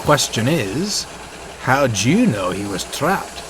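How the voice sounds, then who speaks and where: A man voicing a steady, kind male engine with a Scottish accent and a wry manner. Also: mid-range voice, takes it slowly, noisy background.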